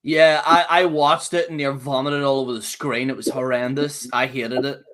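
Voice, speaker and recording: A man co-hosting a casual podcast, ranting in an animated, mocking way. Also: medium pitch, normal speed, rough recording. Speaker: podcast co-host. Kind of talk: heated casual rant.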